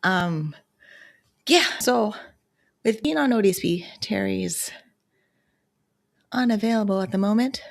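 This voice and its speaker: A woman's voice: medium pitch, animated, measured pace, vocal fry, long pauses. A woman hosting a casual livestream, a bit out of breath, chatty and asking direct questions. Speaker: livestream host.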